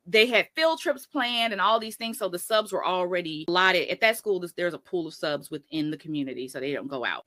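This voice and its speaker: A woman's voice: lowish voice, pushed and bright, no room sound. A woman teacher telling her story in a casual interview, rambling and often correcting herself. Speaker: teacher and guest.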